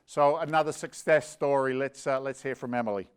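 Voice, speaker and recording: A man hosting a fundraising gala, energetic and joking, rambling as he pushes for donations. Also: mid-range voice, fairly quick, clear, resonant tone. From London. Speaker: gala emcee. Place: virtual event, live stream.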